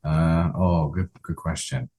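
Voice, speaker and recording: A man playing a tabletop game, calm and deliberate, asking about the rules. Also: extremely low pitch, husky. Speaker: player.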